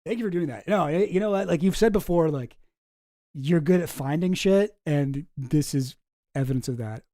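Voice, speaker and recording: A streamer chatting casually on a live stream, excitable, laughing often and swearing freely. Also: medium pitch, moderate pace, no room sound, clean studio sound. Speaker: streamer reacting to a clip.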